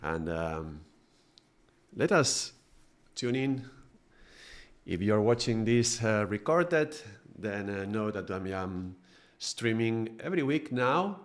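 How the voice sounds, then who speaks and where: A man from Spain, giving a calm live-streamed spiritual talk as a meditation teacher, with frequent hesitations. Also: fairly low pitch, takes it slowly, long pauses.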